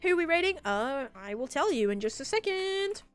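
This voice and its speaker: A woman's voice: sits high, sing-song, moderate pace. A woman chatting casually and bubbly on a live stream while playing, thanking her viewers. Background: faint background music.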